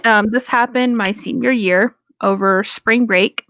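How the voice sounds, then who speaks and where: A woman's voice: a little high, fairly even intonation, measured pace, fairly bright tone, no room sound. A woman in her twenties, casually telling a rambling story with lots of fillers and swearing, as a podcast co-host.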